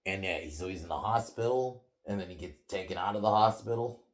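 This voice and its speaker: A man hosting a podcast, giving a casual film review that is animated and full of swearing, laughter, restarts and fillers. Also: sits low, brisk. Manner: animated, profane, laughing often, many restarts and "like"s.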